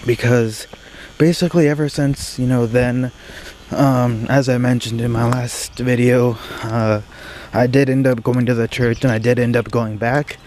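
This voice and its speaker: A man's voice: medium pitch, level tone, a little slow, slight background noise. A young man talks to his camera outdoors in falling snow, keeping his voice down. He shivers and breathes heavily, hesitating often between phrases. Faint outdoor ambience hums behind him. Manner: hesitant, lots of fillers, talking quietly. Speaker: vlogger. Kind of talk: casual vlog talk to camera.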